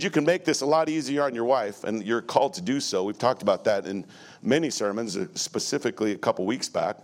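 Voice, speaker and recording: Blunt, emphatic male pastor preaching. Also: medium pitch. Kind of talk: sermon. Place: church sanctuary before a congregation.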